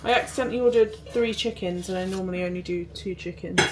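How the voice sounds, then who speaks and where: A woman's voice: fairly low pitch, fast talker. A young woman, a first-time mum chatting casually through a home vlog in her kitchen and often turning to coo at her baby. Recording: home recording with background noise.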